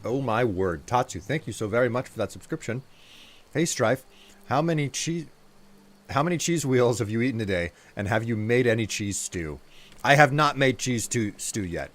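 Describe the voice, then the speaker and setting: A man's voice: mid-range voice, animated, normal speed. A man streaming live, chatting casually and joking while he thanks viewers.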